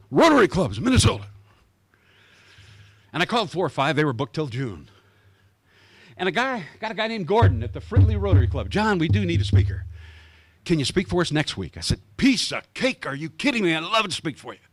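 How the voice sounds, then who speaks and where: Man from Iowa, guest speaker at a club; high, animated storyteller who acts out quotes. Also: a little fast, no room sound. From Iowa, USA. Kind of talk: storytelling speech to a club meeting. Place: country club meeting room.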